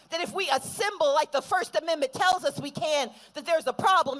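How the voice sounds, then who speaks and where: A woman giving a political rally speech to a crowd, rousing and building to shouted call-and-response chants. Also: high-pitched, low-quality recording. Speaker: rally speaker.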